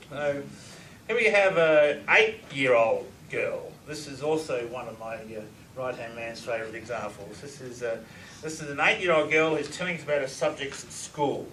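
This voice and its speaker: A man's voice: mid-range voice, normal speed, a bit bright. A middle-aged man giving a lecture, enthusiastically playing recordings and quizzing his audience. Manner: enthusiastic, asks audience questions. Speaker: lecturer on reverse speech. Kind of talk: recorded lecture with audio examples. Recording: echoey room, far from mic, faint hiss.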